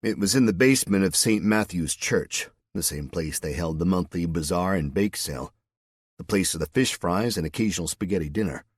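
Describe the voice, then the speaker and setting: A man narrating an audiobook in a steady storytelling manner. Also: sits low, a little fast, slightly rough, no echo, clean studio sound.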